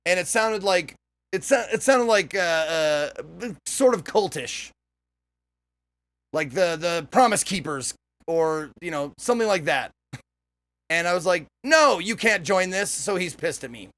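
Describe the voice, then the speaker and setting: Chatty high-voiced man streaming a game. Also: animated, measured pace, fairly bright tone. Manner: rambling, chatty, swears, trails off. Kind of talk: casual gameplay commentary.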